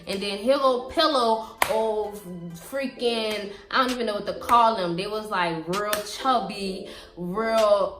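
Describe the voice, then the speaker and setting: A young woman with a Southern US accent tells a storytime in an animated, dramatic way, leaning on fillers. Her voice sits at a middle pitch. Her room echoes, and faint music plays behind her. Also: moderate pace. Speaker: vlogger. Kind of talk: storytime vlog.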